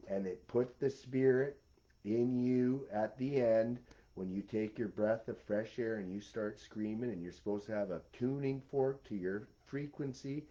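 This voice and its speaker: A man's voice: mid-range voice, dark tone. Rambling intense man, lo-fi sound. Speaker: video series host. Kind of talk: rambling monologue to camera.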